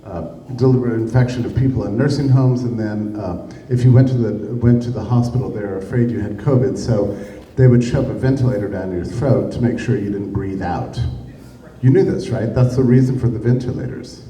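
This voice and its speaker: A man lectures to a live audience, his delivery emphatic and laced with sarcasm. His voice is dark and low, and it is picked up from some distance. The room around him is echoey. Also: fairly quick. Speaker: speaker giving a talk. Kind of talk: public lecture. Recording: echoey room, heard from a distance, faint noise.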